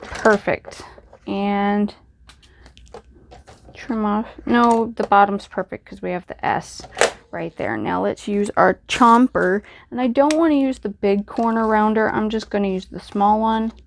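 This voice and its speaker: A woman's voice: medium pitch, measured pace, creaky, background noise. A woman hosting a crafting video, chatting casually and thinking aloud as she works. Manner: chatty, self-deprecating, thinks aloud while working. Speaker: crafting channel host. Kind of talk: casual crafting tutorial voice-over.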